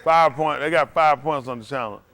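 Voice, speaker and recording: A man hosting a casual trivia game, joking with the teams and getting animated when he argues his point. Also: moderate pace. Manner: animated, jokey, rising to high exclaims. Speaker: quiz host.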